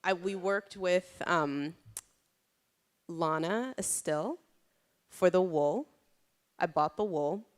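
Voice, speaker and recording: A woman's voice: fairly low pitch, slow, pauses often. A woman giving a conversational keynote talk at a conference. She tells stories informally, often saying "like" and "you know", and raises her voice when she acts out what people said. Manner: lively, dramatizes quotes with raised voice. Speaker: conference speaker.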